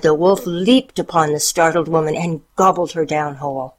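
A woman narrating a storybook in a calm, measured reading voice. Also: sits low.

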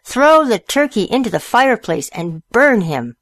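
A woman's voice: medium pitch, big pitch swings, measured pace, no room sound. A woman voicing a fat, angry male mayor who barks orders. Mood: bossy. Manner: barking orders.

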